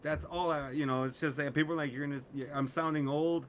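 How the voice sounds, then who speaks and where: A man's voice: a little high, fairly even intonation, fast talker, fairly bright tone, slight background noise. A middle-aged man co-hosting a casual podcast chat, swearing a lot and ranting with frequent laughs. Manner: profane, ranting, laughs often. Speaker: podcast co-host.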